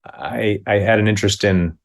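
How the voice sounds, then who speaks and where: Man in his 50s, lively storyteller. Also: normal speed, gravelly. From Minnesota, USA. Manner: lively anecdote, acts out the other voices with big pitch jumps, chuckles. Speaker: guest, comedy actor. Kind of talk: casual storytelling.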